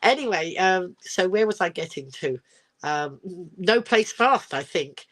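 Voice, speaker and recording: An older English woman hosts a casual phone live stream, rambling through her week with plenty of giggles and ums. Her voice sits a little low for a woman, and she reads viewer comments out as she goes. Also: animated, a little slow, fairly bright tone. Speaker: livestream host. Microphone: phone camera.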